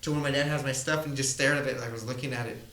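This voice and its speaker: A man's voice: medium pitch, racing, roomy sound, poor audio. A young man, a mixed martial arts fighter, telling a profane street-fight story on a casual podcast. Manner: animated, profane, laughing storyteller. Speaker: MMA fighter guest.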